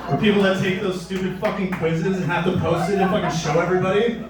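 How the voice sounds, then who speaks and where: A young man performing a crude, rambling stand-up comedy set, jumping into loud high voices for the people he quotes. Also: steady tone, fast, very noisy. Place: live comedy club. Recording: echoey room, mic a bit distant.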